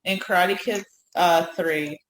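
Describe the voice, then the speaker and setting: A woman's voice: lowish voice, fairly even intonation, takes it slowly, a little hiss or hum. A woman co-hosting a podcast, chatting enthusiastically about TV with lots of fillers. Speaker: co-host. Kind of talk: casual podcast chat. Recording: echoey room, faint ambience.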